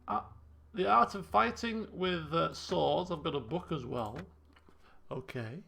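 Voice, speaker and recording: A man's voice: fairly high pitch, lively intonation, measured pace, creaky, bright, forceful tone, slightly rough. A man chatting casually and self-mockingly while streaming a video game. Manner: chatty, self-mocking, frequent restarts and laughs. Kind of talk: live game commentary. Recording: faint guitar music behind.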